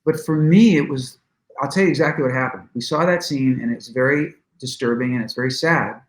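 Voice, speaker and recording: A middle-aged man, an interview guest, reflecting conversationally with halting restarts. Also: mid-range voice, echoey room, poor audio. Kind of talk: conversational storytelling.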